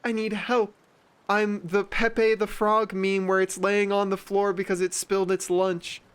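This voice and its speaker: A man's voice: high-pitched, little pitch movement, unhurried, clean tone, pitched above the performer's own voice. A man putting on the voice of a melodramatic, self-pitying attention seeker who mopes and pleads. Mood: mopey pleading.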